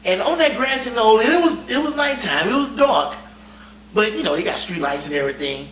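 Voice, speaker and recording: A man casually telling a navy story, animated and profane and laughing often. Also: sits high, brisk. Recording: roomy echo, distant mic, faint hum.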